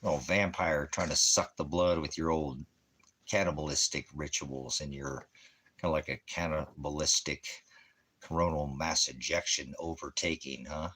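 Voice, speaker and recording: A man with an extremely low, rumbling voice rants in a sarcastic, mocking tone. He delivers religious commentary as a ministry host and chuckles scornfully between his jabs. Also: fairly even intonation, moderate pace, sharp tone, breathy edge.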